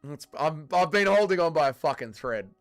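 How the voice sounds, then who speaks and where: A man's voice: fairly high pitch, expressive, fairly quick, gravelly, soft background music. A young man hosting a casual livestream watch-along, reading viewer chat aloud, bantering and swearing freely. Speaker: livestream host.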